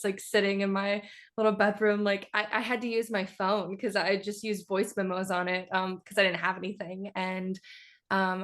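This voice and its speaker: A young woman voice actress in her twenties, from the southern United States, talks in a bubbly, chatty way with plenty of "like"s. Her voice sits at an ordinary middle pitch for a woman. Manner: bubbly, quick and chatty, with many "like"s. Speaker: voice actress, guest. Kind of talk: casual interview chat.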